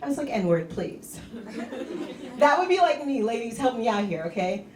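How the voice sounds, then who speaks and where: A woman performing a stand-up comedy set, telling deadpan dark jokes and talking to the crowd on a club stage. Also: fairly high pitch, fairly quick. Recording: echoey club, mic heard from a distance.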